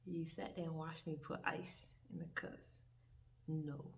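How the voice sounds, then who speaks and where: A young woman with a low, unhurried voice full of vocal fry rambles through a profane story in a casual storytime vlog, animated and packed with asides. The mic sits at a distance and a faint hiss hangs in the background.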